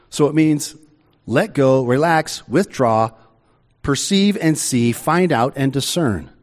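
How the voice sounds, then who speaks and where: Slow, unhurried male preacher. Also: medium pitch, darkish tone. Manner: conversational preaching with slow emphatic pauses. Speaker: pastor. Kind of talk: sermon.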